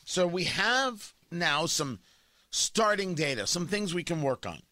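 A middle-aged man holds forth on talk radio in a brash, emphatic monologue, tossing in jokes along the way. His voice sits high and sounds bright and punchy. It comes through a studio mic with a dry, close sound. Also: very animated, measured pace, no room sound. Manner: brash, emphatic, joking asides.

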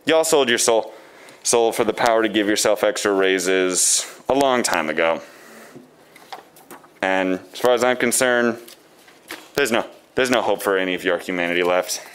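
A man's voice: on the low side, normal speed, pauses often, fairly bright tone, slight background noise. A man giving a scathing, sarcastic public comment at a city council meeting.

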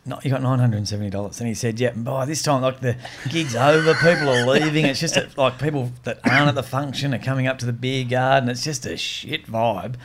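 A man with an Australian accent, telling a comedy gig story on a podcast in a casual, animated way and acting out the voices of the people in it. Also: medium pitch, brisk, few pauses, slight background noise. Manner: animated, acts out quoted voices.

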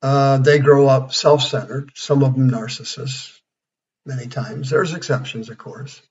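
A man's voice: medium pitch, steady tone, measured pace. Folksy older man teaching the Bible on radio. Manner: folksy, rambling, plainspoken. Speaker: radio preacher and counselor. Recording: dull lo-fi radio sound.

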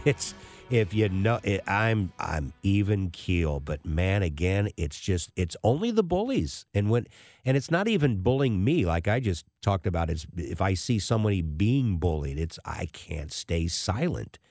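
A male radio talk host with a lowish voice that swoops up and down as he tells his story. His delivery is emphatic and animated, and it sounds close and dry in the studio. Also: unhurried, no room sound, faint music behind.

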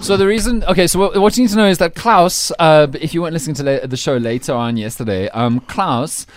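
A man's voice: fairly high pitch, fast, dry recording. A man hosting a breakfast radio show, chatting loosely with fillers and restarts. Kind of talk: casual breakfast radio chat.

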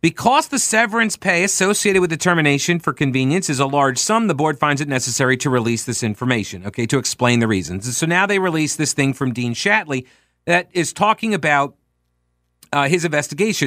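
A man hosts a political commentary show, his slightly high voice leaping up and down as he reacts. He mixes plain reading with sarcastic, incredulous asides. The sound is dry and close, with no room around it. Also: lively intonation, a little fast, fairly bright tone, no echo. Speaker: talk show host.

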